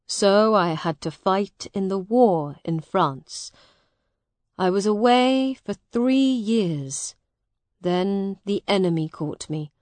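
Reader's own voice as a gentle weary soldier: patient, warm-hearted, slow, close dry sound. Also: female voice, medium pitch, expressive, no echo. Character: kind weary young soldier man. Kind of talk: storybook reading.

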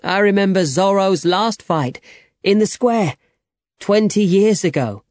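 A man voicing a reckless, hot-headed young swordsman in an audiobook, eager and quick to raise his voice. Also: fairly high pitch, animated, no room sound. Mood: brash. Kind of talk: audiobook character reading.

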